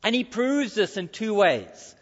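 A man's voice: sits high, very animated, unhurried, fairly bright tone. A male pastor preaching a sermon in church, emphatic and repeating his key phrases. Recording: dull recording with long hall reverb.

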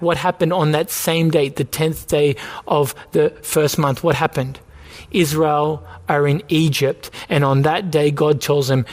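A man preaching a sermon as the church's pastor, earnest, pressing his listeners with repeated questions. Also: on the high side.

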